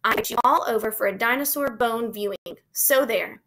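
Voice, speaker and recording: A woman's voice: a little high, brisk, noisy background, natural voice. A woman reading aloud, voicing an eager, insistent young schoolgirl in a storybook. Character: bold excitable young schoolgirl.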